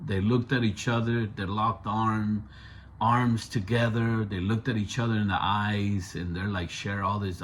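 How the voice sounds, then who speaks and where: A man's voice: fairly low pitch, a little hiss or hum. A man telling a true story in a conversational way, with street slang and frequent asides to the listener. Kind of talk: casual true-story narration.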